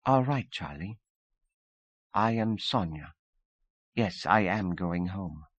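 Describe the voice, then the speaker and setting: A man's voice: sits low, expressive, takes it slowly, no echo, exaggerated voice. A man voicing a proud young woman who speaks in a formal, stiff way. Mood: wistful. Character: proud young Russian woman, imperious then charming.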